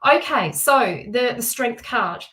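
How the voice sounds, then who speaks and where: Chatty lady doing a live tarot stream, kinda high voice, keeps restarting her sentences cause she's so excited. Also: slow pace, poor audio. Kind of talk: casual live-stream chat.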